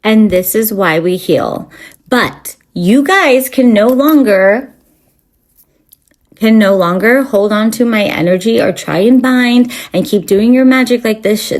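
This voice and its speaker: Her voice sits fairly high and carries a slightly mellow quality. She hosts a spiritual channel and is delivering an unscripted rant to camera, rambling and swearing with constant fillers and restarts.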